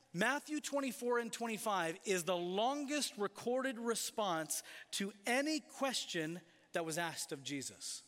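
A man delivers a sermon from the pulpit, leaning hard on key words and drawing them out. His voice sits high for a man. The sound rings with the long reverb of a big church hall. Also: a bit bright. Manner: emphatic preaching with slowed, stressed phrases. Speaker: pastor.

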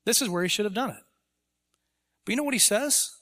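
A man's voice: high-pitched, expressive, fairly quick, pushed and bright, in a large hall. A man preaching a sermon in church as pastor, emphatic and rising to voice imagined objections. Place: church sanctuary.

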